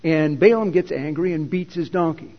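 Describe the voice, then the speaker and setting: Conversational storytelling preacher in a hall. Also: male voice, fairly high pitch, normal speed. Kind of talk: sermon. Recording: echoey hall, dull lo-fi.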